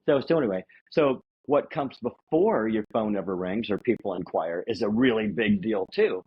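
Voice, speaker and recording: A man hosting a podcast, talking casually about sales in a halting, rambling way. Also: lowish voice, husky. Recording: dull lo-fi audio.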